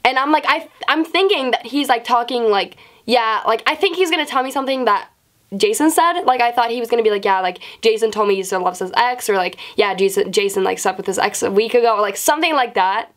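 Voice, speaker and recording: A young adult woman with a slightly high voice tells a casual storytime vlog. She is animated, swears freely and jumps up in pitch to act out what people said. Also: quick pace. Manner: animated, swears often, acts out quotes in a higher voice. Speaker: vlogger.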